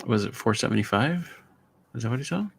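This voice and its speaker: A man's voice: medium pitch, lively intonation, a little fast, gravelly, breathy edge. A man co-hosting a casual livestream chat, laid-back and teasing.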